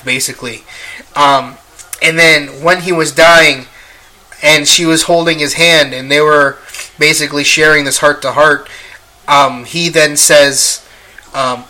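Young male movie reviewer with a strikingly bright voice, loose and foul-mouthed, full of ums. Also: fairly high pitch, fairly even intonation, a little slow. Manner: profane, rambling with many fillers. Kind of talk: casual spoken review.

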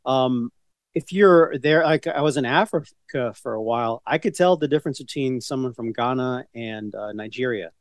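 A man's voice: mid-range voice, moderate pace, no echo, clean studio sound. Rambling middle-aged man telling stories. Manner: rambling, tangent-prone storytelling with many restarts. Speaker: podcast co-host. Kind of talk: casual chat.

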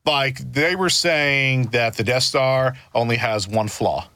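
A man talks through his ideas in a relaxed discussion, circling back and restarting as he builds each point. His voice is bright and forceful, and it sounds dry and close to the mic. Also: medium pitch, slow, no echo. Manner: earnest, explains at length with many restarts. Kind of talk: casual discussion.

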